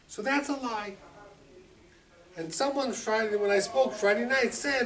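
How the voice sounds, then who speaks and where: A rabbi teaching a Torah class, lively and expressive, acting out the quotes and mixing in Hebrew terms. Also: male voice, high voice, normal speed. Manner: animated, acts out quotes, mixes Hebrew terms. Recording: distant mic with faint room ambience.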